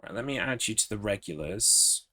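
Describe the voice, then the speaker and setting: Bright-voiced chatty man. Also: fairly low pitch, animated, normal speed. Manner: chatty and upbeat, reads chat aloud and laughs often. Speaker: game streamer. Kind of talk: live-stream chat while gaming.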